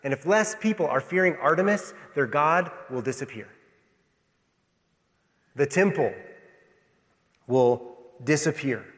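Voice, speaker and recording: A male pastor preaching a sermon with passion, swinging between loud emphatic lines and hushed ones. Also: on the high side, expressive, measured pace, long pauses, big-room sound. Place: church sanctuary.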